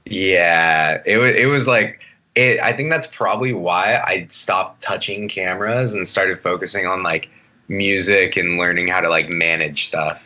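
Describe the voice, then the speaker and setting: A man's voice: sits low, unhurried, sharp tone. A man in his late twenties, a podcast guest chatting casually over a video call, laid-back and rambling, swearing freely. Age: 20s. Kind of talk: casual chat.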